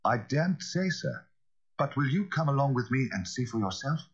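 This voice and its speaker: A man voicing a frightened older male butler who speaks in an anxious, deferential, halting way. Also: mid-range voice, very animated, breathy edge, pitched above the performer's own voice. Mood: tense. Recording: dull lo-fi recording.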